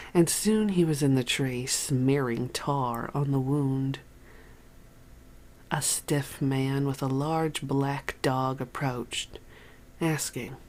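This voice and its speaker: A soft-spoken reader narrates a first-person memoir aloud at a slow, measured pace. The voice stays at a mid pitch with an unhurried, even delivery. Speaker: audiobook reader.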